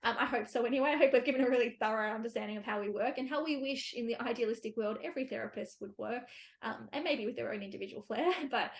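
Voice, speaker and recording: A woman's voice: a little high, creaky. A woman hosting a casual podcast conversation, chatty, with many fillers and easy laughs. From Australia. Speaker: physiotherapist podcast host.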